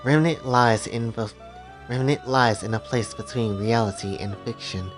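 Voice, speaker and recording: A man voicing a calm, solemn young female attendant who speaks softly and formally. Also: medium pitch, soft background music, close to an everyday voice. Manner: soft, measured, formal.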